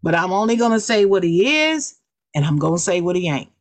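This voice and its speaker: A woman's voice: fairly low pitch, very animated, a little fast, no echo. A woman co-hosting a podcast, giving an emphatic, fired-up opinion rant. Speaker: co-host.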